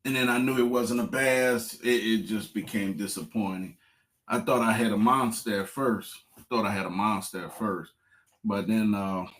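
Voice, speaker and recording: A man, casually telling viewers a fishing story, repeating phrases and getting excited. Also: on the low side. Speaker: fishing vlogger.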